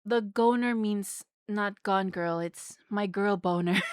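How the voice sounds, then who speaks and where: A woman's voice: medium pitch, slow, clean tone, dry recording, clean studio sound. A woman streamer chatting casually to her viewers, bubbly and giggly, rambling with lots of fillers. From Philippines. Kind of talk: casual live-stream chat.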